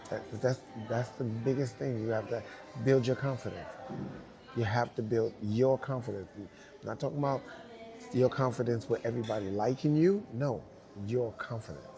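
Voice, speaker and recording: A man with a New York accent, speaking to young dancers and telling animated stories with repeated emphasis and acted-out quotes. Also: mid-range voice, normal speed, over music. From United States. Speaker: guest dancer speaking to students. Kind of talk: casual storytelling talk.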